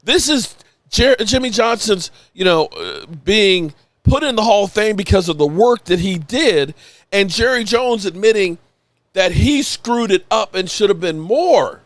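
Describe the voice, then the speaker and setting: Sports-channel host, male, a bit tipsy, emotional and rambling, slightly high voice, dry close sound. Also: measured pace, no echo. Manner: excited, rambling, emotional, swears freely. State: tipsy from rum. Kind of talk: live-stream reaction.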